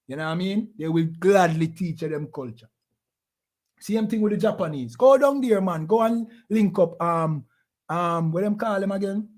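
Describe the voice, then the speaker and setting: A man with a high, warm voice and a Jamaican accent preaches passionately to a class. He scolds his listeners and fires rhetorical questions at them.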